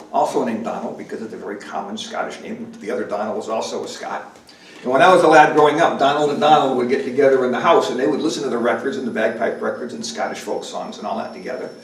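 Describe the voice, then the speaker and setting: A man's voice: mid-range voice, slight background noise. A male folk musician chatting and joking with the audience between songs at a library concert. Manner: joking, chatty, teasing the crowd. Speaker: folk musician performing live. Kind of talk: stage banter with the audience. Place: library performance room, indoors. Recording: roomy hall, distant mic, guitar playing.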